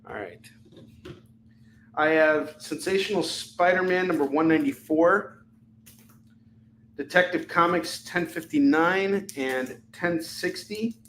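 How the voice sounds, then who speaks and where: A man's voice: fairly high pitch, fairly bright tone, slight background noise, rough recording. Chatty man hosting a live sales stream. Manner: chatty, jokey, rapid-fire price callouts. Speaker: live shopping show host. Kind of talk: live-stream selling chat.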